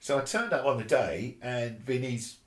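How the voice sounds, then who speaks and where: Animated man in a roomy echo. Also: medium pitch, moderate pace. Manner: animated, swearing, acts out quoted voices. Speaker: session bass player. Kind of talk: casual storytelling interview.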